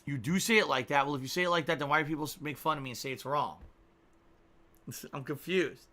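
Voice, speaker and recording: A man's voice: on the high side, sharp tone. A man with a Connecticut accent, a live streamer chatting casually, reading viewer donations and joking about his own pronunciation. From Connecticut, USA. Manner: playful, laughs often, mock-drawn-out words.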